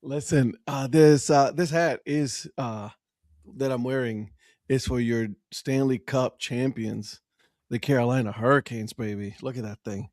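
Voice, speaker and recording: A man's voice: medium pitch, unhurried, a little mellow, no room sound, studio quality. A man co-hosting a sports chat, teasing his friends and boasting playfully. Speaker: co-host. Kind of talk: casual chat.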